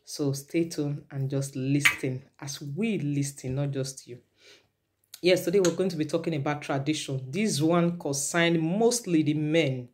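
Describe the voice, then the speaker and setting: A woman's voice: sits low, darkish tone. Nigerian woman vlogger, preachy and repetitive, mixes in Pidgin. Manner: lecturing, repetitive, slips into Pidgin. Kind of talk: preachy commentary vlog.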